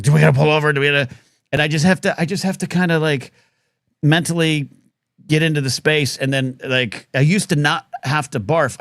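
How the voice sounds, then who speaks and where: A man's voice: medium pitch, a bit bright, no room sound, clean studio sound. Rambling male talk show host. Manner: rambling storyteller, many fillers and restarts. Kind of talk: casual live talk show chat.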